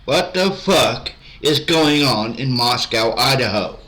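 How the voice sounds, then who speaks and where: A man's voice: mid-range voice, animated, takes it slowly, bright, forceful tone, low-quality recording. A man commenting on a case, incredulous and blunt, with swearing. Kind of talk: reaction commentary.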